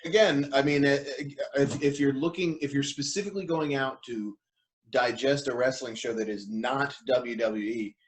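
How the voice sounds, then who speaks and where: Halting mid-pitched man on a podcast. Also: steady tone, slight background noise. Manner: halting, restarts often. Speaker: podcast guest. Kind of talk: casual podcast banter.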